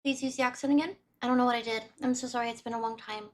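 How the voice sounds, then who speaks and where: A young woman streamer giving casual, animated, giggly reaction commentary. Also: a little high, racing.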